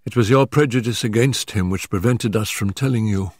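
A man's voice: fairly low pitch, brisk, darkish tone, no room sound, studio quality, lightly acted. An older man voicing a composed, strong-willed young woman in a story reading, speaking firmly with a slightly raised voice.

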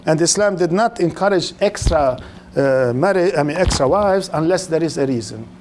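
Speaking to a live crowd, an older Islamic lecturer with a slightly high, somewhat mellow voice poses repeated rhetorical questions and stretches words for emphasis. His delivery is expressive at a normal speed, with faint room ambience and slight background noise.

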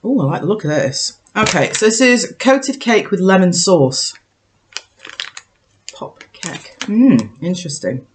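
A woman's voice: medium pitch, animated, measured pace. A woman vlogger in casual chat, thinking aloud and joking at herself as she tastes snacks. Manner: chatty, self-mocking, thinks aloud while tasting.

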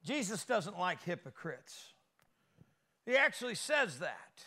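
A man preaching a sermon as pastor, folksy and lively, with call-and-response asides to the congregation and a Midwestern American accent. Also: sits high, slow.

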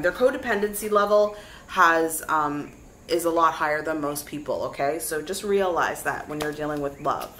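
Lively chatty woman reading tarot cards. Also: low-pitched, background noise. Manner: chatty, lively, addresses viewers as "guys". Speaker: tarot reader. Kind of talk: casual tarot reading to camera.

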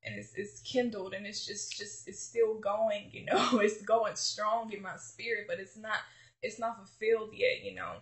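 A woman's voice: mid-range voice, fairly even intonation, normal speed. A woman giving a fervent, gushing faith testimony to viewers, restarting her sentences and calling them honey. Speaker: faith vlogger. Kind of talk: emotional personal faith testimony.

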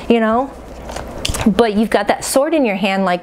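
A woman's voice: fairly high pitch, moderate pace, long pauses, darkish tone, slight background noise. A woman giving a casual, emphatic tarot reading, talking straight to her viewers and often checking in with "okay?". Her speech stays loose and conversational. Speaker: tarot reader.

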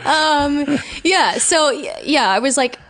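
A young woman with a high voice chats on a comedy podcast. She tells childhood stories loosely and breaks into laughter often. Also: takes it slowly. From Georgia, USA. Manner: laughs often, lively storytelling. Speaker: podcast guest. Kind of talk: casual chat.

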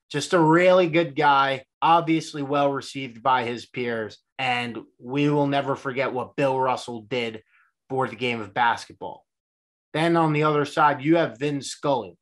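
A man's voice: medium pitch, a bit bright. A man in his twenties hosting a solo sports podcast, talking in an earnest, reflective, conversational way. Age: 20s. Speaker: podcast host.

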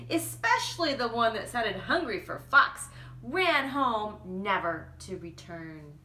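Brief: woman reading a children's storybook, lively pitch, bright tone, roomy sound. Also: unhurried. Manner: animated, with playful asides to listeners. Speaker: children's book reader. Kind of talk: reading a picture book aloud to children.

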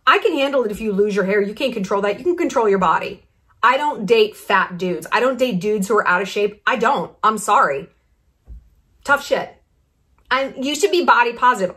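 A woman hosting her own vlog, talking bluntly and profanely with strong opinions and lively asides. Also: medium pitch. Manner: animated, drops into asides and mock quotes. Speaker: vlogger host. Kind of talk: casual commentary vlog.

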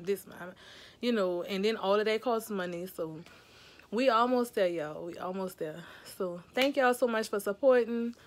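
A woman, chatting casually to her viewers from bed. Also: mid-range voice. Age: 30s. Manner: chatty, relaxed, addresses viewers as y'all. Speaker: vlogger mom. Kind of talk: casual vlog talk to camera. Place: at home in bed.

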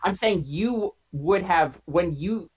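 A man's voice: high-pitched, expressive, slow pace, slightly rough. A man playing a party game over a video call, earnestly laying out his reasoning in long run-on sentences. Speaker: player. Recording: dull lo-fi call audio.

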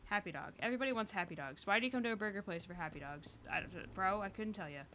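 A woman's voice: medium pitch, lively intonation, fast, fairly bright tone, slight background noise. A woman streaming a cooking game, talking to herself in casual, exasperated commentary and swearing when things go wrong.

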